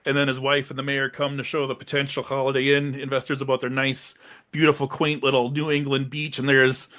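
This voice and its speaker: Bright, animated male podcast host. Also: medium pitch. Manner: animated retelling, slips into quick silly voices. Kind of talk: casual movie chat.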